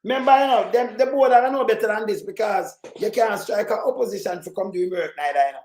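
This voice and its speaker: A man's voice: high-pitched, fast, darkish tone, reverberant, slight background noise, poor audio. A man with a Jamaican accent giving rambling, emphatic commentary in patois.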